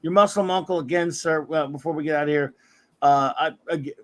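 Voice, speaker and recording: A middle-aged man hosts a casual comics talk stream, speaking briskly in a fairly high voice. He chats about comics and warmly thanks viewers in the chat by name.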